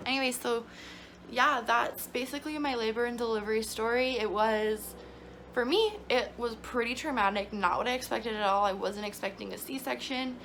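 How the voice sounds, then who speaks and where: A woman's voice: fairly high pitch, normal speed, fairly bright tone, slight background noise. A young woman vlogging, telling her story in a chatty, emotional way with lots of fillers. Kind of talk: casual storytelling to camera.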